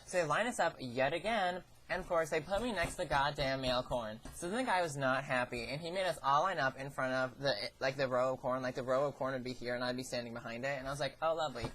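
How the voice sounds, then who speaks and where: A woman's voice: a bass voice, fast talker, few pauses, fairly bright tone. Teenage girl, casual storytelling, chatty, frequent swearing, acted-out quotes. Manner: chatty, swears a lot, acts out quoted lines. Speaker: vlogger.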